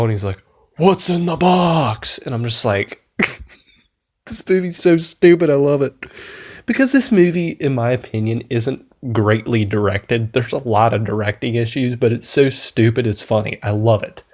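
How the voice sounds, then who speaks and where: A man's voice: mid-range voice, lively intonation, moderate pace, darkish tone. Rambling, profane male movie reviewer. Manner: rambling, profane, enthusiastic, laughs at his own retelling. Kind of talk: casual spoken movie review.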